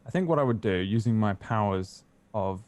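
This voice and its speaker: A man playing a tabletop game over a call, relaxed and joking, laughing often. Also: on the low side, normal speed. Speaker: player. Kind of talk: casual tabletop game chat.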